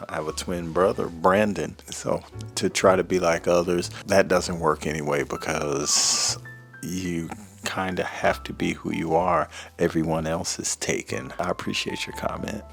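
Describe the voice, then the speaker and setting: A man with a very low, gravelly voice hosts his book channel from home. He chats in an easy, relaxed way as he reads out viewer comments and sometimes drops to a soft, quiet tone. Faint music plays under his voice. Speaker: booktube host. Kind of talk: casual chat reading viewer comments.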